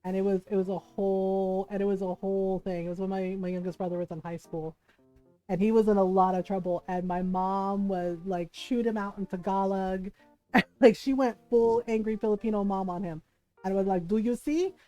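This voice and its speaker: A woman's voice: medium pitch, little pitch movement, moderate pace, warm tone, soft background music, low-quality recording. A woman streamer telling a family story in casual chat while she plays a game. She laughs often and keeps saying "like" and "right?". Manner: chatty, laughs often, says "like" and "right?" a lot. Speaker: livestream host.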